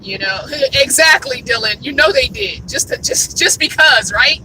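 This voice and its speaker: A woman's voice: high-pitched, sing-song, normal speed. A woman with a Southern US accent, chatting with live viewers while she drives. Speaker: vlogger. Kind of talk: live-stream vlog chat while driving. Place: inside a car on the road. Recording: car recording from a distance, background noise.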